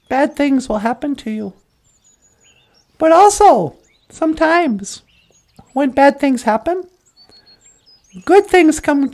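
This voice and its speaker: A woman doing a calm, wise creator spirit. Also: high voice, full character voice. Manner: gentle, teaching.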